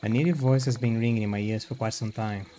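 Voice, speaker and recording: A man streaming a horror visual novel, reading its narration and dialogue aloud in a plain voice and breaking off for quick reactions. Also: on the low side, steady tone, mellow, a little hiss or hum. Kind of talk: reading game text aloud with commentary.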